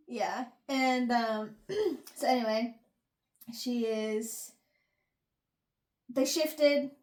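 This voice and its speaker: A young woman with a high voice chats casually about a book, giggling often. She slips into the characters' voices as she retells scenes. The recording carries a roomy echo. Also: very slow, pauses often, a little mellow. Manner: giggly, acts out characters' lines. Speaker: book review host. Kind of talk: casual chat. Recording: echoey room.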